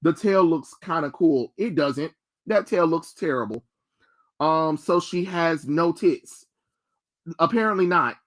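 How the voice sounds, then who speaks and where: A man's voice: a little high, lively intonation, unhurried. A young man streaming live, reacting to trailers with blunt, mocking, profane rants. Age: young adult.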